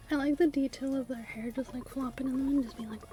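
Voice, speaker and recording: A woman's voice: sits high, mellow. A woman streamer giving casual, playful let's-play commentary on a desktop USB mic, giggling and humming along. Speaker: game streamer.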